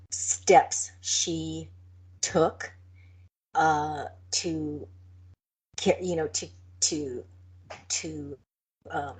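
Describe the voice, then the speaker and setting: A woman co-hosting a podcast, chatting casually and narrating a case in a halting, careful way. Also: sits low, darkish tone, a little hiss or hum. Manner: halting, careful, with many fillers. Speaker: podcast co-host. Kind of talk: casual chat and true-crime narration.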